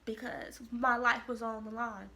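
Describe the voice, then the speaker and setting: A woman from Kansas City, telling a personal story to camera in a lively, expressive way. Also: on the high side, measured pace, gravelly. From Kansas City, Missouri. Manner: animated, expressive storytelling with quoted voices. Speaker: vlogger. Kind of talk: casual storytelling.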